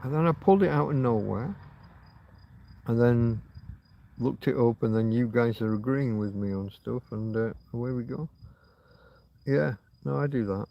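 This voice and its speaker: A man's voice: medium pitch, normal speed, gravelly, pauses often, dull audio. A middle-aged man hosting a late-night livestream from outdoors, musing and swearing as he chats. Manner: musing, sweary, self-talking. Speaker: livestream host. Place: outdoors at night near a road.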